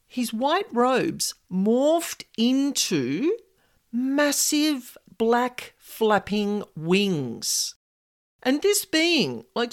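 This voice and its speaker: A woman's voice: fairly high pitch, fairly bright tone. A woman narrating a personal story in a conversational way with casual asides.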